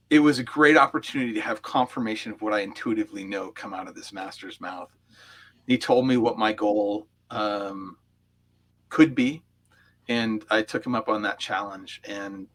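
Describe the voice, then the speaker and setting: A man's voice: fairly low pitch, a bit bright. A man, a coach, recounting personal memories as an interview guest, heartfelt and reflective, with frequent fillers. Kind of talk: storytelling in an interview.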